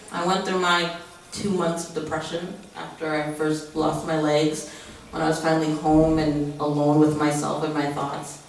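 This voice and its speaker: A young woman performing spoken word and stories at an open mic, candid and blunt, laughing often and acting out sharp back-and-forth dialogue. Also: low voice, vocal fry, slight background noise. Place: venue room at an open mic. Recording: very echoey room, mic at a distance.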